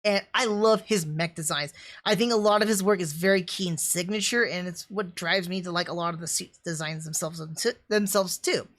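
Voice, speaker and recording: A young woman talking through an anime review on a livestream, excited and chatty, with lots of fillers and restarts. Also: on the low side, moderate pace.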